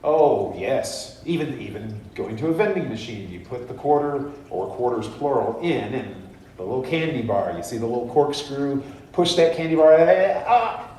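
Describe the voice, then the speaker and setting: A man giving a sermon in a church, speaking in an unhurried, conversational and playful way. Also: mid-range voice, lively intonation, dark tone, slight background noise. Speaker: guest speaker. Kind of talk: sermon with humor. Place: church sanctuary. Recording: echoey church hall, mic far off.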